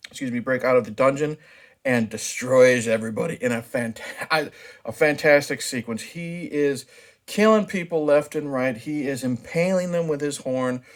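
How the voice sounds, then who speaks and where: A man casually reviewing a movie, talking frankly and chatting loosely with plenty of restarts. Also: mid-range voice. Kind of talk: casual spoken film review.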